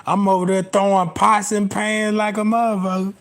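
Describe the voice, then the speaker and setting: High-voiced and gravelly yet fairly bright, this young man keeps a level tone at normal speed. His comic story is crude, profane and rambling; he laughs at his own jokes and keeps asking "you know what I'm talking about."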